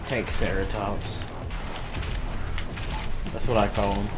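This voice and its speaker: A man casually commenting while playing a game, joking with a friend and shouting now and then. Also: fairly low pitch, little pitch movement, takes it slowly, over loud music. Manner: playful, jokey banter with sudden shouts. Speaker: gaming host. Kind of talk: casual let's play commentary.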